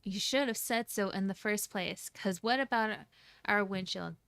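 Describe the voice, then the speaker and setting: A woman's voice: medium pitch, measured pace, gravelly, a bit bright, smooth, no echo. A woman reading the lines of a brash, hot-tempered young man who speaks bluntly with slang. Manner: blunt, swears, British slang.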